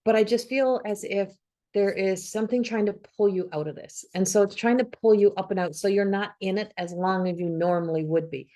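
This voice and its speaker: Warm and steady, this woman's medium-pitched voice moves fairly quickly. A psychic reader doing a tarot forecast to camera in a solo video, she encourages her viewers earnestly, repeating points and restarting as she works through her thoughts aloud.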